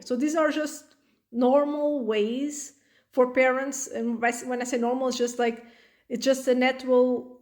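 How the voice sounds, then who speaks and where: A woman's voice: on the high side, a little mellow. A woman parenting coach giving earnest, reassuring advice to camera, with many fillers.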